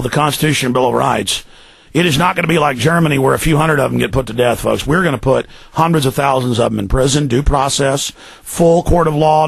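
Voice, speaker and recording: A man's voice: fairly high pitch, creaky, fairly bright tone, breathy edge, no room sound. A man hosting a talk radio show, ranting in fury, often mocking the people he attacks in put-on voices. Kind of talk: angry political radio rant.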